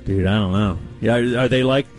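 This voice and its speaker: A man's voice: lowish voice, fairly quick, soft background music. A man co-hosting a radio show, teasing the others and sounding incredulous. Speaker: radio co-host. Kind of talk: casual radio banter.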